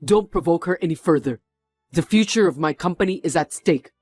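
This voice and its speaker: A man's voice: fairly high pitch, expressive, brisk, darkish tone, slightly rough, no room sound, faint music behind. A man voicing a company executive who sternly scolds someone for her cruelty in a drama. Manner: stern, reproachful.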